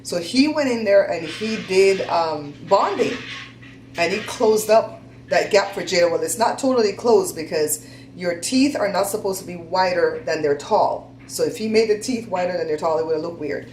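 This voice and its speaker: A woman's voice: mid-range voice, expressive, normal speed, a little mellow, reverberant, a little hiss or hum, rough recording. A woman hosting a casual chat, telling stories in a chatty, laughing, folksy way. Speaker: host.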